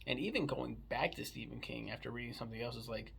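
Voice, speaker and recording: A man's voice: mid-range voice, quick pace, creaky, very noisy. A man casually chatting about a book he read, rambling and swearing freely. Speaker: book reviewer. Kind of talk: casual book review chat.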